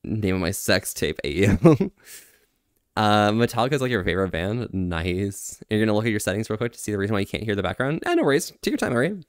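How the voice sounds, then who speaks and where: A man's voice: lowish voice, fairly quick, clear, resonant tone, dry recording, clean studio sound. A man streaming casually, answering chat, laughing often and trying out phrases in other languages with self-deprecating humor.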